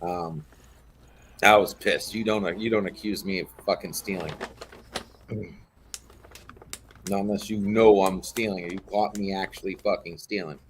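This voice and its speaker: Man, low-pitched, swearing and heated, casual live-stream chat storyteller. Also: fairly even intonation, measured pace, long pauses, slight background noise.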